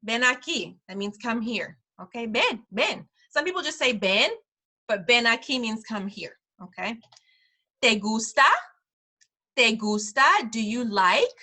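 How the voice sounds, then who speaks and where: A woman teaches a casual parent class with a bright, clear voice that sits a little high. She repeats each phrase slowly for the learners and laughs easily between them. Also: lively intonation. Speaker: preschool director teaching a parent Spanish class. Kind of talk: friendly language lesson.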